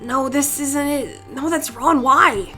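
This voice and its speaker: A woman's voice: high voice, slow pace, bright, forceful tone, soft background music, voice pushed up, full character voice. A woman voicing a frightened teenage boy who talks in a frantic, breathless way, in a visual novel. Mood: panicked. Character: frightened teenage boy losing his identity.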